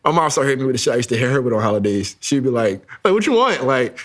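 A man's voice: medium pitch, very fast. A young man co-hosting a podcast in casual chat, laid-back and blunt, with frequent chuckles. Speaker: podcast co-host.

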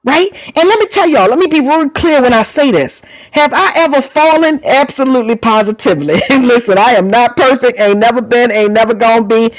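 A man's voice: very high-pitched, a little fast, hardly any pauses. A man preaching a charismatic sermon, laughing often, repeating hallelujah and breaking into tongues.

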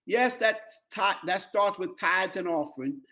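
High-voiced preaching pastor, repeating for emphasis. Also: male voice, expressive, unhurried, bright, forceful tone. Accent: African-American English. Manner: preaching with call-outs to the congregation, repeating phrases for emphasis. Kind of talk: sermon.

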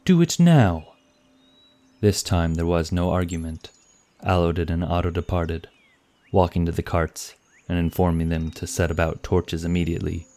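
A man narrating a fantasy story in a measured, scripted way. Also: low-pitched, completely flat delivery, darkish tone.

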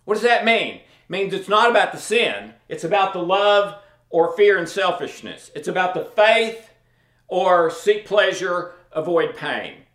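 A man's voice: high voice, big pitch swings, a little slow, a bit bright, echoey room. A man giving an informal Bible teaching in a conversational way, often checking in with his listeners. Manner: conversational, checks in with "okay?" and "all right?".

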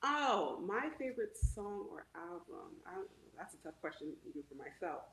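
A woman's voice: mid-range voice, big pitch swings, normal speed, vocal fry, a bit bright. A woman co-hosting a casual chat, talking chattily with lots of "like" and fillers. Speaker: co-host. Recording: echoey room.

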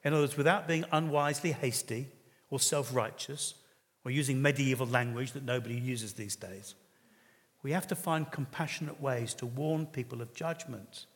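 Casting: male preacher, mid-pitched, earnest and conversational, recorded in a long-echo hall. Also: normal speed. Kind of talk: sermon. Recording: reverberant hall.

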